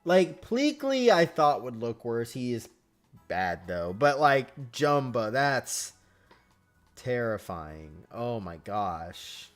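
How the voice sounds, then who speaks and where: A man's voice: medium pitch, very animated, slow pace, faint music behind. A man hosting a casual live stream, chatting with viewers and reacting as he goes.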